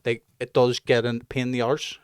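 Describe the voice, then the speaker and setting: A man's voice: mid-range voice, little pitch movement, normal speed, clean tone, no echo. A man with a mid-range voice chats on a podcast. He speaks bluntly and swears often. The recording is close and dry. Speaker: podcast co-host. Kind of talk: casual chat.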